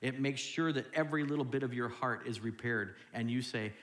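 A man preaching a sermon as pastor, dropping to hushed tones and then jumping loud and high as he acts out what people say to God. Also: a little fast, reverberant. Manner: acts out quoted voices, swinging from hushed to loud.

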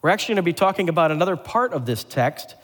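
A pastor delivering a lively sermon, asking the congregation questions and joking with them. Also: male voice, on the high side, very fast. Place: church sanctuary. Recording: long hall reverb.

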